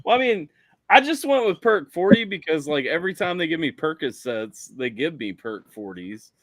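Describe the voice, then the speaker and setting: A man's voice: fairly high pitch, moderate pace, dry recording. A man co-hosting a podcast, bantering crudely and laughing often. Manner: animated, swearing, laughing often. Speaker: podcast co-host.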